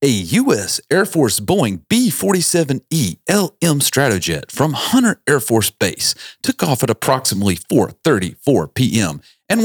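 A man's voice: mid-range voice, breathy edge, no echo, clean studio sound, pitched above the performer's own voice, heavily acted. A man putting on a stiff, formal TV newscaster voice for a mock-formal reading.

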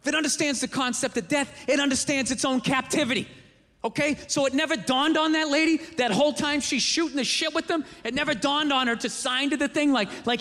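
A man doing stand-up comedy on a theater stage, ranting, profane and animated. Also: very high-pitched, brisk. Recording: reverberant theater, faint noise.

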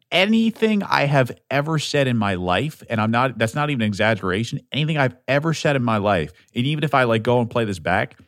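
Rambling, swearing man with a lively voice. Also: mid-range voice, dry recording, studio quality. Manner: rambling, profane, self-deprecating; animated, swings between loud outbursts and mumbling. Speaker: podcast host. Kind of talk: solo podcast monologue.

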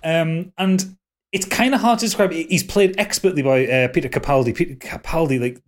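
A man's voice: on the high side, brisk. A man with a Geordie accent chatting casually on a podcast, rambling with lots of ums and restarts and swearing freely. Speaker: podcast co-host.

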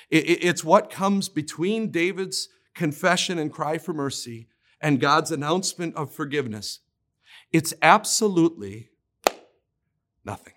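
A man preaching a sermon in an earnest, emphatic way, often restarting his words as he pushes a point home. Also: a little high. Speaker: pastor.

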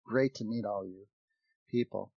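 A man who performs improv, chatting casually, animated and laughing often, restarting his sentences. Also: lowish voice, measured pace, vocal fry, husky, dry recording. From United States. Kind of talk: casual conversation. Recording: dull, dry lo-fi sound.

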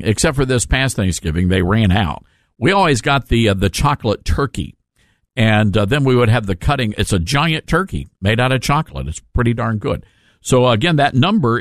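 Hosting casual talk radio from a studio, a Southern-accented man jokes around with callers in a folksy, chatty manner and laughs quickly. His voice is medium in pitch, with clean, echo-free sound from a studio mic.

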